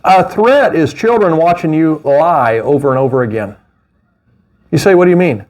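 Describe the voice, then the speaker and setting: A middle-aged man preaching a sermon as pastor, animated, with mocking asides and laughter. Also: fairly high pitch, normal speed.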